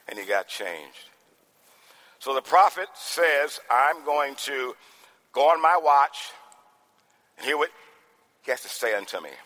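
A man preaching a sermon as pastor, swinging from soft talk to shouting. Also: medium pitch. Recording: long hall reverb.

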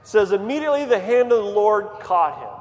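A man preaching a sermon in a church, moving from quiet storytelling to fervent, near-shouted appeals. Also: high voice, sing-song, brisk. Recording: long hall reverb, faint ambience.

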